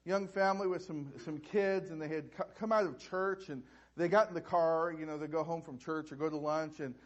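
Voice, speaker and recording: A man preaching a sermon as pastor, halting and restarting with repeated words. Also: a little high, steady tone, muffled recording.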